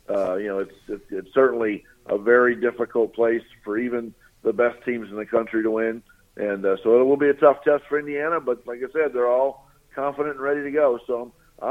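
A man phoning in to a radio show, his voice squeezed thin by a tinny phone line. He rambles through his analysis, full of "uh" and "you know" and restarted sentences, at an ordinary middle pitch. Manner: rambling, many fillers and restarts. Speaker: guest sportswriter.

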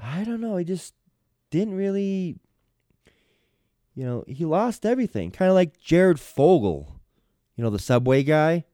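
A man's voice: fairly high pitch, very animated, a little slow, long pauses, dark tone, no room sound, studio quality. A man hosting a casual podcast, reading news stories and commenting on them in a hesitant, rambling way. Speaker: podcast host.

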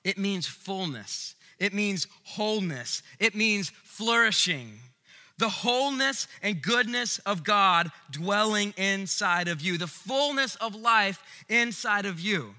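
A male pastor preaching a sermon, animated, swinging between loud emphasis and hushed lines. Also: high-pitched, slow pace. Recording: long reverb of a large hall.

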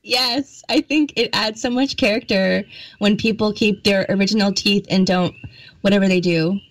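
A woman's voice: medium pitch, fairly even intonation, normal speed, dry recording, low-quality recording. A woman co-hosting a podcast in casual chat, light and playful with easy laughs. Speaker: podcast co-host.

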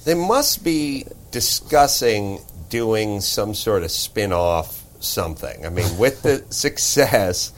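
Man, middle-aged, podcast host, casual comedic chat, lively pitch. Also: slow pace, hardly any pauses, a little hiss or hum. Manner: animated, jokey, mocking asides.

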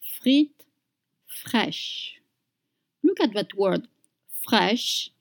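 A woman teaching pronunciation, saying each word slowly and clearly and repeating it for learners. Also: on the high side, lively intonation, darkish tone. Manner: slow, deliberate, repeats words for learners. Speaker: French teacher. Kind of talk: slow pronunciation lesson.

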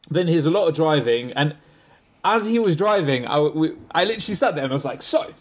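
A man's voice: fairly high pitch, expressive, moderate pace. A man in casual film chat, animatedly retelling his reactions and laughing often. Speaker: film podcast co-host.

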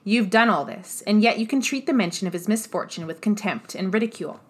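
A woman's voice: medium pitch, fairly quick, close to an everyday voice. Woman reading as an indignant young lady. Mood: accusing. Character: spirited young woman, indignant and sharp-tongued. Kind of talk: audiobook character voice.

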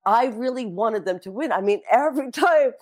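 Animated, swearing storytelling woman. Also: fairly high pitch, moderate pace. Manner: animated storyteller who swears and acts out quotes. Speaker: guest. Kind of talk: casual chat.

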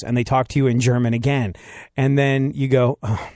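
A man hosting a talk radio show, telling a story casually with frequent laughs and lively, animated delivery. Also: mid-range voice, a little fast, dry recording, clean studio sound. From United States.

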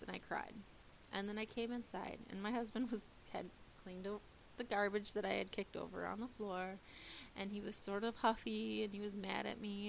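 A woman in her thirties, a mother, telling a personal story in a candid, halting way with many pauses and restarts. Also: medium pitch, vocal fry, a bit bright, slight background noise. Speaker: mother sharing her day.

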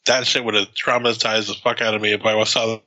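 Man, casual movie-chat co-host, very bright tone, profane and animated storyteller. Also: on the low side, fast, muffled recording. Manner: profane, laughing, acts out scenes in quotes.

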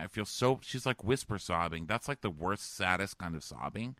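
A man co-hosting a casual recap chat, animated and acting out quotes in exaggerated voices. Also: fairly low pitch, brisk, hardly any pauses, no echo. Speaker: podcast co-host.

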